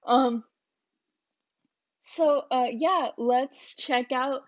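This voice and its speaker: A woman's voice: on the high side, slow, long pauses. A young woman vlogging in a casual, rambling reaction chat, giggling and full of fillers.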